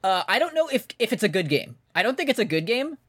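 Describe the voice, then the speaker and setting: A man's voice: high-pitched, very animated, fast talker, a bit bright, slightly rough, no echo. A man co-hosting a podcast, chatting casually and rambling with frequent swearing. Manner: rambling, laid-back, swears often. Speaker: podcast co-host. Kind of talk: casual chat.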